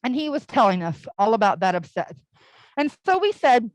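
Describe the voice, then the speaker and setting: Her voice is a little high with big pitch swings, at a normal pace. In poor, echo-free audio, the young adult woman preaches an all-ages church sermon in a casual storytelling way, filling gaps with "like."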